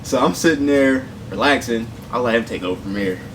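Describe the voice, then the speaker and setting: A young man casually telling a funny story on a mukbang, slangy and animated, laughing as he goes. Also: medium pitch, a little fast. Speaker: mukbang co-host. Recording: distant mic with background noise.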